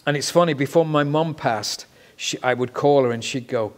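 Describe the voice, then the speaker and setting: A man's voice: mid-range voice, moderate pace. A man from Manchester with a mid-Atlantic accent, a musician and actor telling stories in a casual interview, swearing freely. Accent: mid-Atlantic, Mancunian mixed with American. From Manchester, England. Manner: swears freely, animated anecdotes, trailing off softly.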